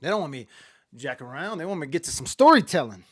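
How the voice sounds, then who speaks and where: A man's voice: fairly high pitch, very animated, fast talker, fairly bright tone, no room sound, clean studio sound. A man hosting a casual livestream, talking straight to his camera in a chatty, rambling storytelling way. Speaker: livestream host. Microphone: webcam or phone camera at close range.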